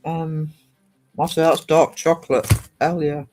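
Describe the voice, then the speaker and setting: A woman's voice: low voice, little pitch movement, a little slow, darkish tone, faint music behind. A woman from northeast England chatting on a casual livestream, reading out viewer comments and rambling with lots of ums and restarts. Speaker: live streamer.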